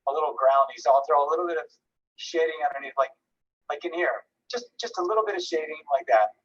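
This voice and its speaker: A man teaching a live online painting class, giving relaxed, encouraging critiques and thinking aloud with frequent restarts. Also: fairly high pitch, fast talker, highs cut off. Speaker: painting instructor. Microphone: video call.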